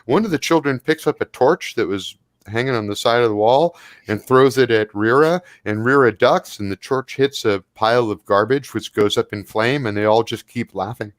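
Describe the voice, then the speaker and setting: A man narrating a tabletop game as game master, animated and quick to put on voices for the creatures. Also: mid-range voice, dry recording, clean studio sound.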